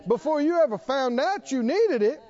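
Middle-aged pastor guy preaching, high voice that swoops around a lot, mellow tone, kinda dull lo-fi sound. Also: expressive, moderate pace. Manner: preaching with emphatic rising exclamations and scripture quotes. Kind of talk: sermon.

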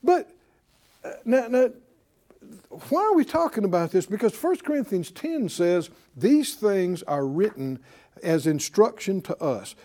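A male preacher teaches a Bible class in a high, very lively voice, delivering slowly with dramatic swings between loud and soft. He calls out to the class to get responses.

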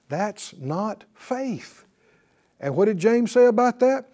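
A man's voice: sits high, animated, slow, mellow. A man teaching a Bible class in a sermon style, emphatic and repetitive, often putting questions to the class.

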